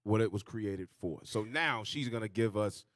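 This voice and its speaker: A man's voice: on the low side, normal speed, a bit bright, no room sound, studio quality. A man with a Southern US accent in a casual group discussion, mostly chiming in with short agreement. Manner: agreeing, brief interjections.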